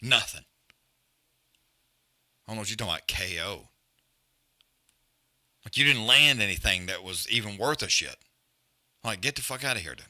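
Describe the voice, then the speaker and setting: A man's voice: fairly low pitch, bright, forceful tone. A man hosting a live fight watch-along, trash-talking fighters in blunt, profane casual chat. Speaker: live stream host.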